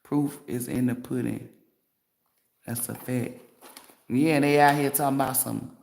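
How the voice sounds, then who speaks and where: A woman's voice: a bass voice, steady tone, measured pace, gravelly, pauses often, darkish tone. Blunt, profane woman tarot reader ranting. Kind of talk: livestream rant.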